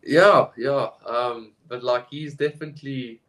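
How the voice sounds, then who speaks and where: Man, podcast co-host, casual chat, halting, lots of fillers and restarts. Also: medium pitch, fairly even intonation, fairly bright tone, low-quality recording.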